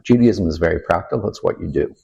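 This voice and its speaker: An older man speaks as a rabbi in a casual interview. His voice sits very low and is a bit husky. He spins anecdotes, acts out what people said and poses rhetorical questions. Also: fast, muffled recording. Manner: animated anecdote-teller who quotes people and asks rhetorical questions.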